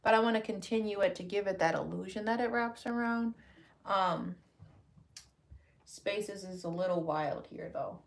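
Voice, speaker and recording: A woman's voice: medium pitch, moderate pace, creaky. A woman vlogger talking casually through her crafting work, thinking aloud as she goes. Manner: relaxed, thinking aloud while working.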